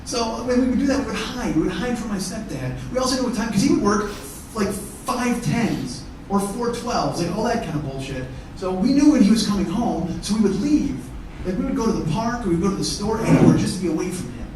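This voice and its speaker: A man doing stand-up comedy, telling a profane story and shouting out the heated parts. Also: sits high, expressive, brisk, few pauses, noisy background. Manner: profane, escalates to shouting in acted-out arguments. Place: theatre stage before a live audience. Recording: echoey theatre, mic at a distance.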